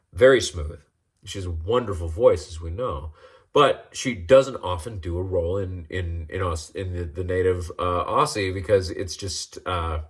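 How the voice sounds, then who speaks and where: A man's voice: low voice, breathy edge. A man hosting a casual monologue about acting, rambling with many restarts and fillers. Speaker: host.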